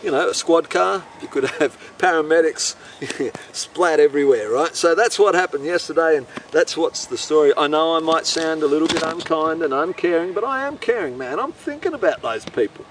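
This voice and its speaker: A man telling a rambling comic story, animated and profane, breaking into bird impressions, recorded outdoors. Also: on the high side, moderate pace. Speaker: comedic monologuist. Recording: voice distant from the mic with faint outdoor noise.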